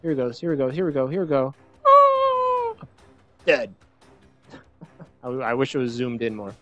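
A young man giving excited let's play commentary on a fighting game, shouting and laughing at the big hits. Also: mid-range voice, fairly quick, dry recording, muffled recording, faint music behind. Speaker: gaming YouTuber.

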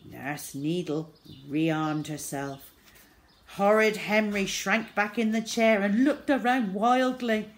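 A woman reading a children's storybook aloud, expressive and dramatic. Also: mid-range voice.

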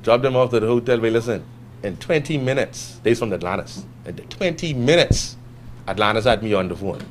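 A Bahamian man, a guest entrepreneur, tells a story to a class with an animated delivery and acts out the quotes in other voices. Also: medium pitch, a little fast, noisy background. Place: classroom with a live audience.

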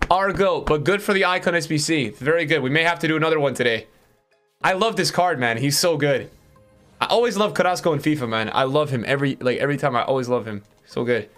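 A male streamer giving live-stream commentary to his chat, excitable and swinging between hype and letdown with plenty of fillers. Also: fairly high pitch. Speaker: streamer opening game packs.

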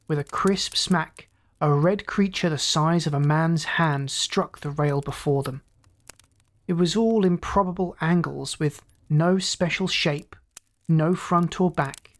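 A storyteller host reads a classic tale in calm, inviting scripted narration. The voice sits at a middle pitch and moves steadily through the prose. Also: a little slow.

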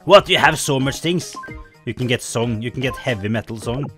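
A man hosting a gaming channel, chatting casually over gameplay and often jumping into high exclamations. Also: expressive, a little fast, music in the background. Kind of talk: casual game commentary.

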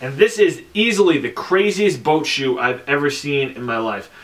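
A young man talking casually on camera about his sneaker collection, chatty and relaxed, with lots of fillers and slang. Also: fairly high pitch, normal speed. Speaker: sneaker vlogger. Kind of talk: casual product review.

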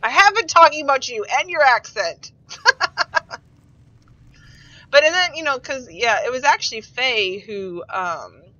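A woman's voice: sits high, expressive, normal speed, bright, forceful tone, no echo, muffled recording. A woman from Minnesota with a blended Minnesotan and Texan Southern accent, chatting casually and rambling on a live stream. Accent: mix of Minnesotan and Texan Southern US. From Minnesota, USA. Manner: rambling, chatty, lots of fillers and laughs.

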